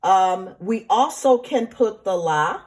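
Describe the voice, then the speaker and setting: A woman's voice: mid-range voice, animated, takes it slowly, darkish tone. Patient woman teaching a grammar lesson. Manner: patient, explanatory, repeats with checks like right and okay. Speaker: Spanish teacher. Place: classroom or home, remote teaching.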